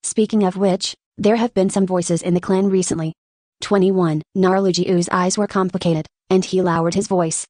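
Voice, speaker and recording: A woman's synthetic voice reading an audiobook in a flat, even manner, recorded dry and close. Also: lowish voice, normal speed, no echo. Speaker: narrator. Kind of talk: machine-read audiobook narration.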